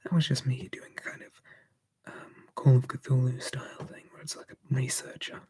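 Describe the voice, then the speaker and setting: A man streaming live ASMR, whispering softly and answering chat in a relaxed way. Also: mid-range voice, moderate pace, breathy edge.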